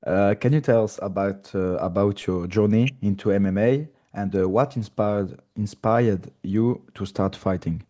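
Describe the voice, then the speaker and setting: A man's voice: lowish voice, dark tone. A man with a French accent, a French native speaker, hosting an interview and asking questions in hesitant English. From France. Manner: halting, hesitant English with pauses. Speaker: interviewer, host.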